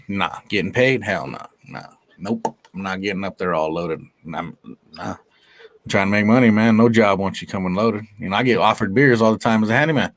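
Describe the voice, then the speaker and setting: A man, a stand-up comedian and guest, talking casually in an interview in a brash, profane, animated way, laughing often. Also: low-pitched.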